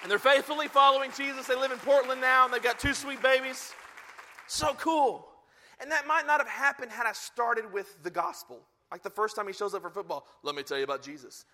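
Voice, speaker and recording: A man preaching a sermon as a pastor, telling stories and acting out the people in them with lively energy. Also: extremely high pitch, fairly quick, a faint crowd, a little hiss or hum. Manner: animated storytelling, acting out quoted lines.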